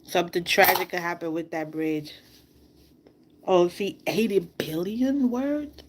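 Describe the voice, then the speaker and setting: On a livestream, a woman from outside the United States delivers an emotional monologue at a measured pace in a lowish voice. Holding back tears, she repeats herself with passion and poses many rhetorical questions.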